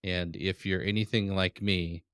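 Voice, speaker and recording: A man with a deep voice teaches a classroom lesson at a slow, deliberate pace. He patiently repeats each vocabulary word. The recording is dry with little room sound. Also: level tone, fairly bright tone, smooth, no echo. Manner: patient, repeats words slowly. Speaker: Hebrew teacher.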